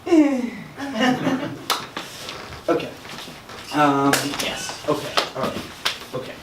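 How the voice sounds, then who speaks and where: A woman's voice: on the high side, big pitch swings, drawn-out words, background noise, exaggerated voice. A student, a woman, acting Polonius as a fussing older father who stalls with fillers. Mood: awkward. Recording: echoey classroom, distant mic.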